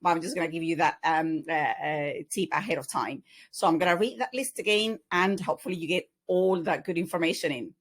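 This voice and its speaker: A woman teaches a language lesson over slides. She explains patiently and unhurriedly, often pausing on fillers. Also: on the low side. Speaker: Spanish teacher.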